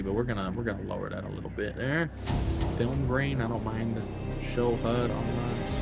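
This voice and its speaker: This young man's voice is mid-range and gravelly as he streams a game live. He keeps up a casual, profane, rambling chat, thinking aloud while he scrolls through menus.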